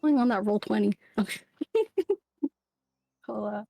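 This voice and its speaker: A woman's voice: medium pitch, big pitch swings, takes it slowly, vocal fry, mellow. A woman playing her character in a casual tabletop game, rambling with lots of fillers and laughing easily. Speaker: player. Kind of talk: casual tabletop role-play.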